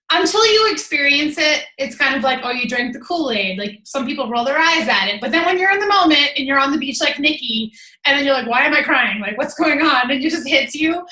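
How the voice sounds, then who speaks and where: Bright, high effusive woman host. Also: a little fast. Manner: effusive, animated. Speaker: team leader hosting the call. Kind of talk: casual group call. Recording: echoey room.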